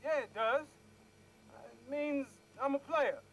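A cocky young street hustler. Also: male voice, extremely high pitch, takes it slowly, creaky, fairly bright tone, muffled recording, a little hiss or hum, exaggerated voice. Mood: brash. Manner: brash, boastful. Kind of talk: video game cutscene acting.

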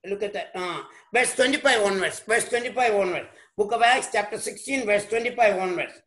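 In a church, a male pastor with a high-pitched voice preaches emphatically at a brisk clip. He breaks in to comment on the scripture reading and at times shouts.

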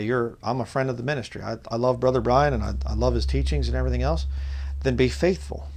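A man preaching informally online, reading scripture slowly and loudly, then talking casually with fillers. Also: medium pitch, vocal fry. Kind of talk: informal Bible teaching.

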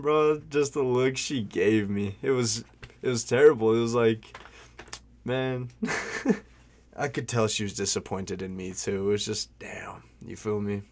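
A young man telling a story in a casual vlog, rambling and slangy, full of "like" and "bro", swearing freely. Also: fairly low pitch.

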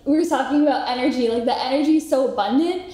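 A woman's voice: high-pitched, quick pace, warm tone. A woman from Canada hosting a podcast interview, effusive and encouraging as she draws out her guests. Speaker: podcast host. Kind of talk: casual interview. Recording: roomy echo.

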